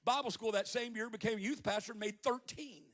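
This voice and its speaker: A man in his fifties preaching to a congregation with a high-pitched voice. He tells animated stories full of joking asides and drives his points up to shouted peaks. His tone is bright and forceful. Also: brisk. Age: 50s. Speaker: guest preacher. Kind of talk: sermon.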